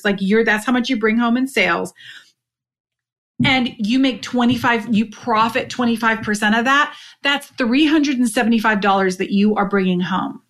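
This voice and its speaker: A woman hosting a podcast, coaching direct sellers in a chatty, animated way and talking straight to her listeners. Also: on the high side. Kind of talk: solo podcast talk.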